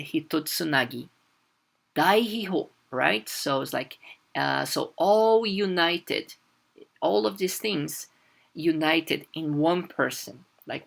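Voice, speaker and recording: A woman's voice: low-pitched, creaky. A woman teaching Japanese in a casual, chatty way, full of fillers and asking "right?" often. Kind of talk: casual language lesson.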